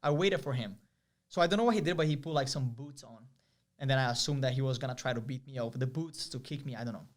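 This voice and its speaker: A young man from Brazil, telling a story as an interview guest in a lively, vivid way with many fillers. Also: medium pitch, fast talker. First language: Portuguese. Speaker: guest, pro soccer player.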